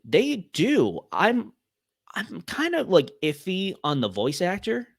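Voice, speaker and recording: A man's voice: high-pitched, huge pitch swings, slow, vocal fry, no echo, studio quality. Young man chatting casually, lots of fillers. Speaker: podcast guest. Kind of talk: casual podcast chat.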